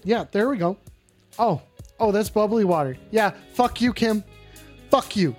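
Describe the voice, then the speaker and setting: A man's voice: high-pitched, expressive, unhurried, faint music behind. A man hosting a comedic call-in show in character, brash and profane and often repeating himself. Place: indoors at home.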